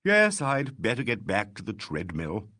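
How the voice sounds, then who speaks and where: Guy doing a self-pitying showy actor, sighs a lot, lowish voice, dry sound. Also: wildly swooping pitch, measured pace, sharp tone, dry recording, heavily acted. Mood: wistful. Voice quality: affected, sighing, melodramatic. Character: self-pitying theatrical male actor, affected.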